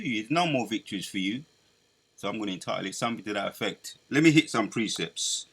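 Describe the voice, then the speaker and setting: Guy preaching, lowish voice, sharp and punchy, keeps repeating himself and gets loud reading verses. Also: expressive, fast talker, husky. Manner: emphatic, repetitive, builds to loud declaiming. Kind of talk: preaching commentary with scripture reading.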